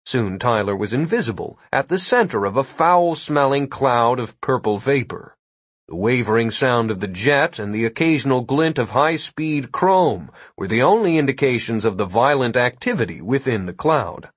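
Man, audiobook narrator, husky voice, dry close sound, wry steady telling. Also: medium pitch, no echo.

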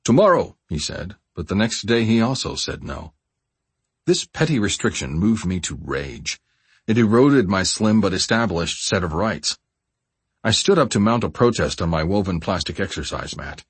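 A man narrating a first-person memoir audiobook in a measured, steady way. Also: low-pitched, slightly rough, no echo.

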